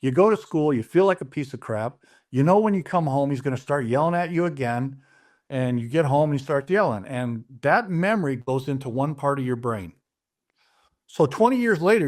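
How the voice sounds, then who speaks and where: A middle-aged man telling his personal story in an interview, earnest and plain-spoken, often restarting his sentences as he retells conversations. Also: medium pitch. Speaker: interview guest.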